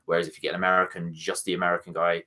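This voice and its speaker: A man's voice: low voice, completely flat delivery, racing, bright, forceful tone. A man co-hosting a casual film review, rambling with lots of fillers and restarts.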